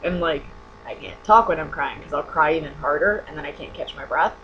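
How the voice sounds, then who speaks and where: A woman's voice: deep voice, brisk, a bit bright, dull audio, a little hiss or hum. A young adult woman in a casual webcam vlog, rambling and sarcastic, saying "like" a lot. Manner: rambling, sarcastic, heavy use of "like". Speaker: vlogger. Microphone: webcam mic.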